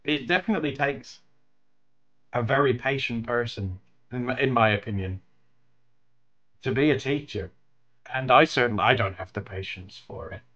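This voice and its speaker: This streamer talks casually while drawing, thanking viewers and sharing stories with frequent laughter. He has a medium-pitched, somewhat bright voice and a moderate pace with long pauses, in dull-sounding audio.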